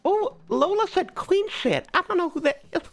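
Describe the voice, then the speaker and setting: A woman with a Scottish accent, improvising a game roleplay in a playful, giggly way with loud outbursts. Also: very high-pitched, lively intonation, normal speed, gravelly, soft background music. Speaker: roleplay streamer.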